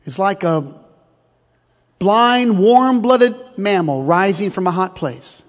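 Middle-aged male preacher, high-pitched, folksy and joking, reverberant sanctuary sound. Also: lively intonation, takes it slowly. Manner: storytelling, joking, calls out to the congregation. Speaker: pastor. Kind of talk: sermon. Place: church sanctuary.

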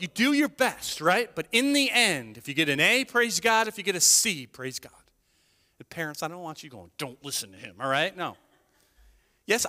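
A man preaching a sermon as a pastor, telling stories in a chatty, animated way with quick asides. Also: a little high, long reverb tail.

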